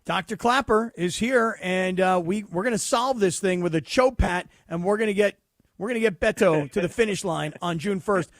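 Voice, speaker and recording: A man's voice: sits high, moderate pace, no room sound, clean studio sound. A man co-hosting a sports talk radio show, bantering in an upbeat, friendly way.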